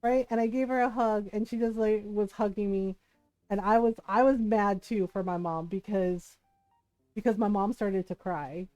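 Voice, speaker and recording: Animated woman telling a story. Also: medium pitch, normal speed, highs cut off, faint music behind. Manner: animated, laughs often, many "like" and "right?". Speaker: streamer. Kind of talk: casual storytelling chat.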